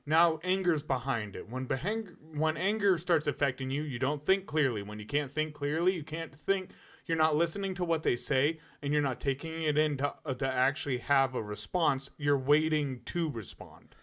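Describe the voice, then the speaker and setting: Lively-voiced man arguing his point. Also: a little high, moderate pace. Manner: explains point by point, argumentative. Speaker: podcast co-host. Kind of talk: casual debate chat.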